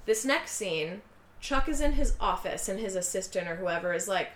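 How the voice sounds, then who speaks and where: A woman retelling a movie scene by scene in a relaxed chatty way, slipping into quick voices for each character she quotes. Her pitch sits in the middle range for a woman. The room around her is noticeably echoey. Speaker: podcast co-host recapping a film. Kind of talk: casual chat.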